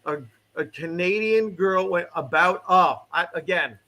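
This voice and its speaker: High bright-voiced joking man. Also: measured pace. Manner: animated, joking, emphatic. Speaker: comedian guest. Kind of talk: casual chat.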